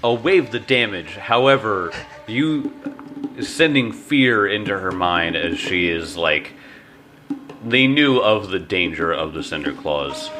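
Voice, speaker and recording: A man running a tabletop game as game master, narrating scenes and rulings with relaxed, laughing asides. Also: deep voice, slow.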